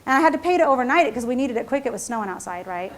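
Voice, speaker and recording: A middle-aged businesswoman telling a story at a seminar in a high, quick voice. She's chatty and self-mocking, laughing at her own mistakes and checking in with the audience as she goes. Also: animated. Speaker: entrepreneur and CEO giving a seminar talk. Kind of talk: storytelling keynote talk.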